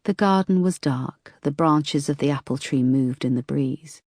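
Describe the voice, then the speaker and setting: Low-voiced woman narrating a thriller. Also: measured pace, darkish tone, dry recording, clean studio sound. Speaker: audiobook narrator. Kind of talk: scripted narration.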